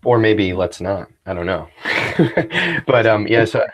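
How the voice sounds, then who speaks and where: A man's voice: on the low side, sing-song, slow pace, a little hiss or hum. A man narrating as game master of a tabletop role-playing game, rambling and descriptive. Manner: rambling, full of fillers and restarts.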